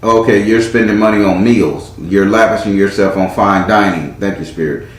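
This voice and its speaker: A man's voice: fairly low pitch, moderate pace. A man hosting a casual live tarot reading, talking informally and calling on spirit as he reads the cards. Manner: chatty and informal, calls on spirit. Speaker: tarot reader and host. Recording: very echoey room with faint noise.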